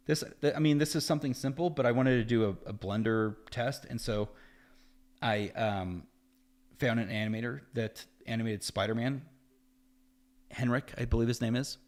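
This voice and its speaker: A man hosting a live stream, talking casually in an animated, rambling way, his voice jumping up whenever he quotes someone. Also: medium pitch. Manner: animated and rambling, voice jumps up when quoting others. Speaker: host of a live effects-art stream. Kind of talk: casual livestream talk.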